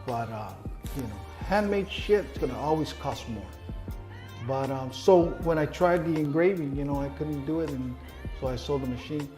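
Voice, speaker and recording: Profane, animated man telling a story. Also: on the high side, normal speed, over music. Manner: profane, animated, acts out quoted dialogue. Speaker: guest. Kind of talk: casual storytelling.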